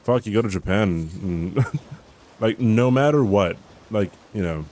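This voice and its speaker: A man's voice: fairly low pitch, animated, measured pace, a little mellow. A man streaming a game, chatting casually with his viewers in a rambling way, swearing and laughing as he reads the chat.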